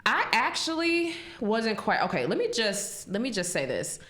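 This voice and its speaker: A woman's voice: on the high side, sing-song, normal speed, a bit bright. A woman hosting a podcast, chatting casually and animatedly, laughing often and cursing freely. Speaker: podcast host. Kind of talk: casual chat. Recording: echoey room.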